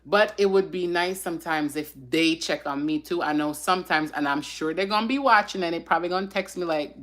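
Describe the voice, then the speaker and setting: A woman hosting a casual live stream, speaking in a heartfelt, emotional and reflective way, often pausing with sighs and fillers. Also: on the low side, fairly bright tone.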